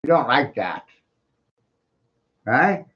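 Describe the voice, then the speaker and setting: A man's voice: medium pitch, very animated, fairly bright tone. A man giving rambling, profane solo commentary, full of rhetorical questions. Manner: rhetorical, profane, keeps asking "right?"; slow, drawn-out delivery. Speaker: commentary streamer. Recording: dull lo-fi home recording.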